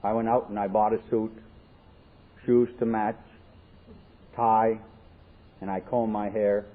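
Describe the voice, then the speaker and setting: In a fairly low, flat voice, a man slowly recounts his life at a recovery convention, adding jokes and acting out the dialogue. The convention-hall recording is a tinny lo-fi 1979 tape with faint hiss.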